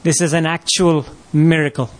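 A man's voice: a little high, fairly even intonation, normal speed. A man preaching a sermon, posing rhetorical questions and rising to emphatic peaks.

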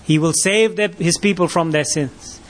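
A man's voice: on the high side, moderate pace. A man preaching a sermon, posing rhetorical questions and rising to emphatic peaks.

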